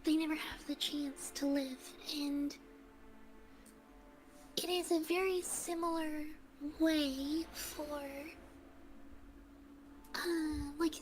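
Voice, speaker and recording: Soft-spoken lady player, slow and thoughtful, high voice, faint music. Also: steady tone, slight background noise, rough recording. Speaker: tabletop game player. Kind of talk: casual tabletop game talk.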